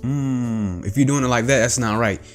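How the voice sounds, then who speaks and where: A man talking casually as he teaches a voice trick. He goes step by step, repeats himself and fills pauses with ums. His pitch sits in an ordinary middle range. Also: soft background music. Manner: chatty, repetitive, explains step by step with fillers. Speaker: voice tutorial host. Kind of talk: casual instructional talk.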